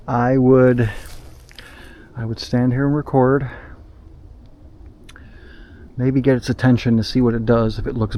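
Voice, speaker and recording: A man narrating his solo night walk outdoors through snowy woods as a paranormal investigator, jumpy and excitable, talking to himself. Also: mid-range voice, dull audio, a little hiss or hum. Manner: excitable and jumpy, talks to himself, quick nervous laughs. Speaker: paranormal investigator, channel host.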